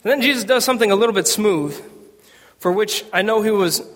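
A man's voice: high-pitched, brisk, fairly bright tone. A man preaching a sermon to a congregation, conversational and humorous. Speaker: pastor. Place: church sanctuary. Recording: long reverb of a church hall.

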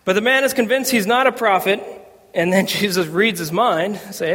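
A man's voice: extremely high pitch, brisk, a bit bright. A man preaching a sermon to a congregation, conversational and humorous. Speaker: pastor. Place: church sanctuary. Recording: long reverb of a church hall.

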